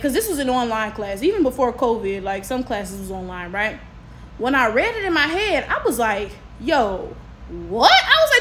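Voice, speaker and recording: High-voiced American woman vlogging. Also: slight background noise. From United States. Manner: animated and candid, often tags lines with "right?". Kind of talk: casual commentary to camera.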